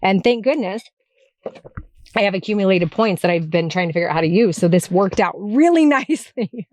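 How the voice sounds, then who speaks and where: A woman's voice: mid-range voice, animated, fairly quick, darkish tone. A middle-aged woman hosting her podcast, telling a personal story in a candid, chatty way with small laughs and restarts. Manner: candid, chatty, frequent laughs and self-corrections. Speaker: podcast host. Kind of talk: emotional personal monologue. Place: parked car.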